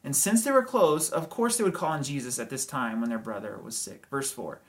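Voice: medium pitch, a little fast. A pastor preaching a sermon in a conversational way, with hedges, rhetorical questions and light chuckles.

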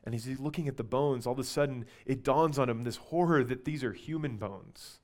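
A man's voice: medium pitch, fairly quick. Man preaching a dramatic sermon. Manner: dramatic scripture reading, swings between loud and hushed.

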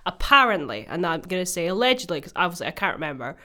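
A woman's voice: on the low side, quick pace. A woman in her twenties with a Scottish accent, chatting and laughing often as a podcast co-host. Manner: giggly, animated storyteller. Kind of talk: casual chat.

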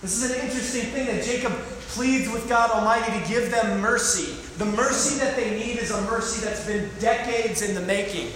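High-voiced preacher in an echoing hall. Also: male voice, moderate pace, few pauses, fairly bright tone, slight background noise. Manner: dramatic scripture reading with emphatic asides. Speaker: pastor. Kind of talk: sermon. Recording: echoey hall with long reverb.

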